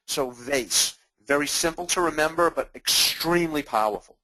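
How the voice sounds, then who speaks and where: Guy from massachusetts teaching a webinar, kinda high voice, bouncy delivery. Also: moderate pace, hardly any pauses, dry recording, low-quality recording. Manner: animated, acts out customer dialogues, self-deprecating jokes. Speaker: webinar presenter. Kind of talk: webinar talk with examples.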